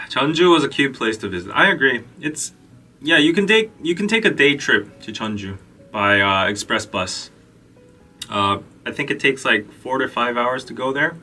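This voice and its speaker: A man's voice: medium pitch, sharp tone, far from the mic. A man hosting a live podcast, chatting casually and rambling through travel tips with lots of fillers. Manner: rambling, filler-heavy, reads chat questions. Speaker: podcast host. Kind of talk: casual live-stream chat.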